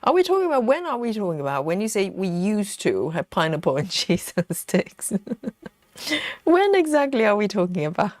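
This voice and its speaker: A woman's voice: mid-range voice, very animated, normal speed, a little mellow, dry recording. A woman hosting a casual live stream, chatting and giggling as she reads viewer comments aloud. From United Kingdom.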